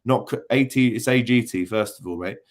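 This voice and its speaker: A man's voice: medium pitch, fairly quick. A young man hosting a casual football livestream, reading chat comments with jokey banter and lots of ums. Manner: chatty and jokey, many ums, teasing banter. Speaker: football channel host reading live chat.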